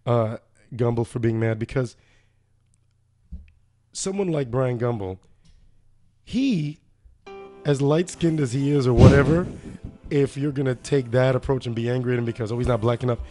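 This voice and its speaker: A man's voice: medium pitch, moderate pace, long pauses, warm tone, soft background music. Earnest, emphatic man guest. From Virgin Islands family background. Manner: emphatic and earnest, building points with rising stress. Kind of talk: casual podcast chat.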